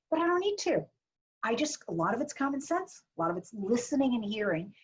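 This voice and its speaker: A woman marketing advisor giving a chatty, blunt webinar talk full of jokes and asides over a video call. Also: mid-range voice. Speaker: small business marketing advisor. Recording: dull lo-fi webinar audio.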